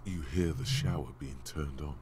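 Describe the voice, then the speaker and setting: Very deep, solemn inner narrator for a game. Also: male voice, normal speed, noisy background. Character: inner narrating voice of a detective's mind, male.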